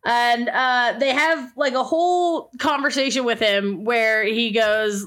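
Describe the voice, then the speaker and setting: A woman's voice: a little high, slow pace. A woman co-hosting a casual podcast, chattily recapping a TV episode. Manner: chatty, animated, recaps with acted-out quotes. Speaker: podcast co-host.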